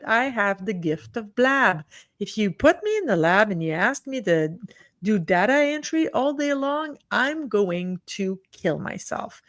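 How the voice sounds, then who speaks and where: A woman, a leadership expert telling stories in a sarcastic, animated way on a video call. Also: fairly high pitch, dry recording. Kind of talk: casual chat on a livestream.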